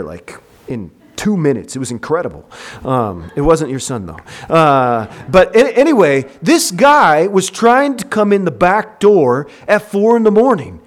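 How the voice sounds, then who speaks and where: A middle-aged man preaching a sermon, moving between relaxed storytelling and loud, drawn-out pleading cries. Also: fairly high pitch. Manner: swings from quiet storytelling to loud, slow, pleading outbursts.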